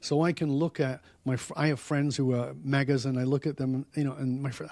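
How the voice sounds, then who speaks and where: A man speaking as a podcast guest and author, telling stories in an animated, emphatic way that often gets loud. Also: medium pitch, brisk, few pauses, no room sound. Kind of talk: storytelling interview talk.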